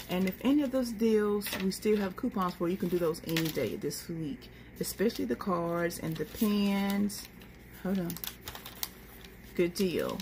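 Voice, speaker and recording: Gravelly-voiced woman listing deals. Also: on the low side, background noise. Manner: chatty, lists prices item by item, says y'all. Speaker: couponing vlogger. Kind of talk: casual deal walkthrough to camera.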